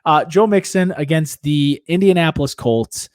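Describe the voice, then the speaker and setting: A man's voice: fairly high pitch, normal speed, smooth, no room sound. A man co-hosting a casual fantasy football show, rambling and jokingly correcting himself as he talks. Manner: rambling, self-correcting, jokey. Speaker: podcast co-host. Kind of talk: casual sports talk.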